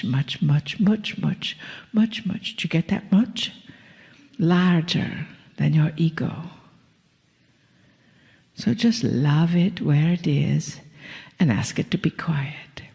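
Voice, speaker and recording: Slow, gravelly woman channeling in a hall. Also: low-pitched. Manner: slow, gentle, playful, drops to whispers. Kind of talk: channeled spiritual message to an audience.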